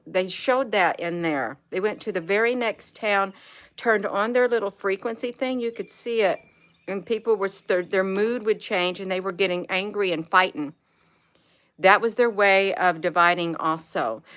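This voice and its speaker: Bright-voiced woman rambling on a livestream. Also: mid-range voice. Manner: meandering, loses her train of thought, greets viewers by name. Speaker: live streamer. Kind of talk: rambling casual livestream chat. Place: outdoors in a yard with birds.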